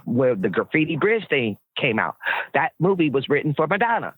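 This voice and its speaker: A woman's voice: low-pitched, sing-song, normal speed, slightly rough, dry recording. A woman guest telling casual stories in a blunt, profane way, laughing often as she talks. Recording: tinny, dry phone line.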